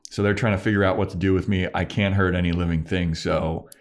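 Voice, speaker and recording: Deep-voiced man retelling a TV episode. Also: fast talker. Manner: animated retelling, acting out characters' lines, frequent swearing and laughter. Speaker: podcast co-host. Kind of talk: casual chat recapping a TV episode.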